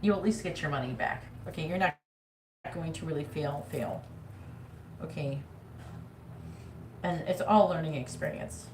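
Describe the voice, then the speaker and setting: A woman's voice: low-pitched, a little slow, pauses often, darkish tone, a little hiss or hum. A woman giving a live-streamed tarot reading, talking bluntly and swearing freely. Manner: blunt, swears freely, mimics nagging voices. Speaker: psychic reader. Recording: echoey room with faint ambience.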